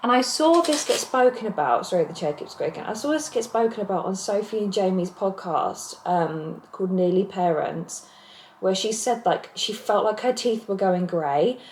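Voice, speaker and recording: A woman's voice: medium pitch, animated, moderate pace, darkish tone, reverberant, slight background noise, low-quality recording. A young woman, pregnant and out of breath, talking candidly and rambling to her camera while seated at home. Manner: candid, rambling, self-interrupting. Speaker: vlogger. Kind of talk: casual confessional vlog. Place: home, seated on a squeaky chair. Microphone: camera mic.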